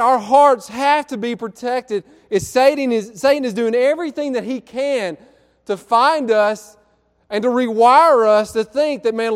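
A man preaching a sermon, telling a story in an earnest way and drawing out key words slowly. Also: very high voice, clean tone, long reverb tail. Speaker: pastor. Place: church sanctuary.

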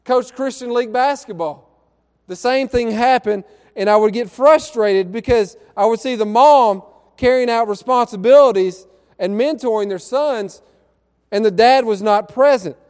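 High-voiced preacher in echoing sanctuary. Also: male voice, a little mellow, clean tone. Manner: earnest storytelling preaching, stretches key words slowly. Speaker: pastor. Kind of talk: sermon. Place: church sanctuary.

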